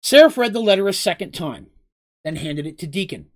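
Author reading his own tale aloud; animated, chatty between passages. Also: sits high, fairly quick. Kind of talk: story reading with asides.

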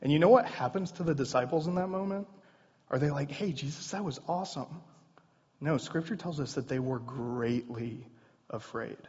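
A man delivers a sermon in a relaxed, conversational way, earnest and direct with the congregation. His voice is a touch husky and sits at a middle pitch. The sound is a little dull and carries a long hall reverb. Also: normal speed. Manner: conversational, earnest preaching with casual asides. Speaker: pastor.

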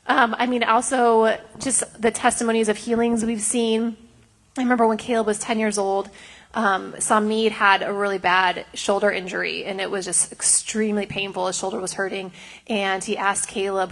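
A woman's voice: a little high, a bit bright. Woman, middle-aged, house of prayer leader, earnest, rambling testimony, many fillers. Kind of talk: testimony sharing.

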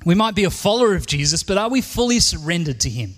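Australian man, forties, preaching in church, earnest, emphatic, high voice. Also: big pitch swings, quick pace, fairly bright tone, big-room sound. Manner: earnest, emphatic, repeats key lines. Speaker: pastor. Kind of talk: sermon.

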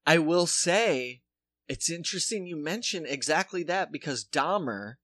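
Animated man from South Dakota chatting. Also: a little high, unhurried, no echo. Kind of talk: casual chat.

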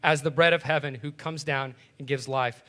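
A man teaching through a Bible passage in a relaxed, conversational way, often checking in with his listeners by asking "right?". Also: fairly high pitch, normal speed.

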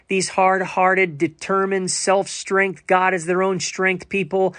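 A man's voice: high voice, level tone, slow, a bit bright, no room sound, clean studio sound. A man giving an emphatic sermon monologue, full of rhetorical asides and quoted scripture. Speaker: preacher.

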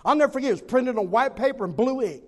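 A man preaching a sermon and telling a personal story in an animated way, repeating phrases for emphasis. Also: extremely high pitch, fast talker, in a large hall.

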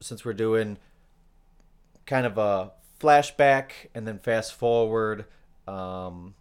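Casual podcast co-host: a man with a low, smooth voice who talks in halting bursts padded with ums. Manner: hesitant, many fillers, loses his place.

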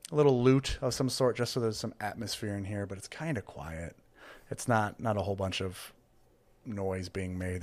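Man narrating as game master. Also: lowish voice. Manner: casual, meandering, filler-heavy.

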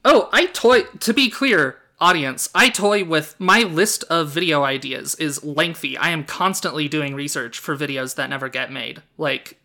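A man hosting a casual podcast quiz, animated and quick to laugh. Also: on the high side. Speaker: quiz host.

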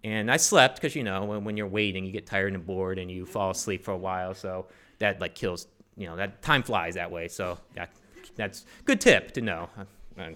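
A man's voice: low voice, moderate pace, sharp tone. A man telling a personal story to a live audience, rambling and joking with many fillers and restarts. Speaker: storyteller on stage.

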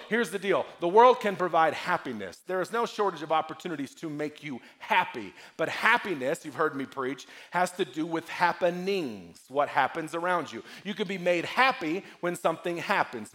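A man preaching a sermon as pastor, swinging from loud, emphatic lines to hushed ones. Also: on the high side.

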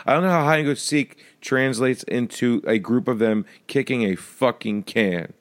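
A man's voice: mid-range voice, moderate pace. A man co-hosting a podcast, joking casually about a movie and slipping into silly voices now and then. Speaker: podcast co-host.

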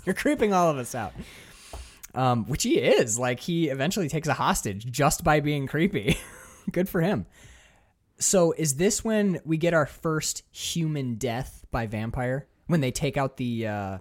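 A man co-hosting a casual movie discussion, excitable and swearing freely. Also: on the high side, a little slow. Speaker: podcast co-host.

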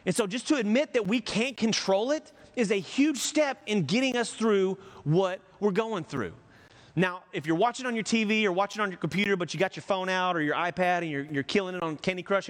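A man's voice: high-pitched, a bit bright, long reverb tail. A man from the United States preaching a conversational, joking sermon as pastor.

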